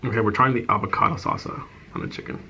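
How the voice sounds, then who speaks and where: A man's voice: on the low side, wildly swooping pitch, fast, gravelly, sharp tone. A man chatting casually while eating in his apartment, candid and loose, trailing off between bites. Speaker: ASMR and vlog creator. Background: faint outside noise of passing cars.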